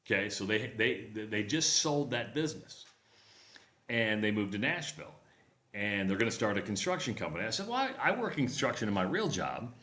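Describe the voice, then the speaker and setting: A man's voice: lowish voice, very animated, brisk, sharp tone, reverberant. A man co-hosting a radio show, telling a travel story in casual chat and acting out the voices of people he quotes. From Nebraska.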